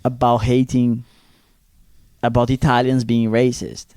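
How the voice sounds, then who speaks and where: A man with a Brazilian accent, co-hosting a comedy podcast and telling a story in a lively, swearing, casual way. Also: mid-range voice, measured pace, smooth, dry recording. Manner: animated, swears freely, acts out quotes.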